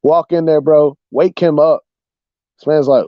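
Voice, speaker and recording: A young man hosting a livestream, casually telling a funny story, animated and saying "bro" a lot. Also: on the high side, unhurried, dry recording, muffled recording. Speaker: livestream host.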